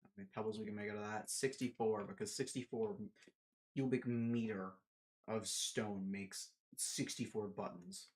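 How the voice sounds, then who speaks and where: A man's voice: on the low side, steady tone, normal speed, a little mellow, husky. A man giving casual, rambling commentary while playing a building game, talking to himself and slipping into silly put-on voices.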